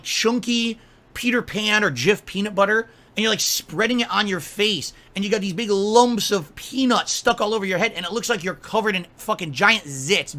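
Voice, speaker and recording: A man with a high, bright, forceful voice tears into someone in a profane rant. He scolds and mocks as he goes, stacking insult on insult. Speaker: streamer. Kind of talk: angry rant to camera.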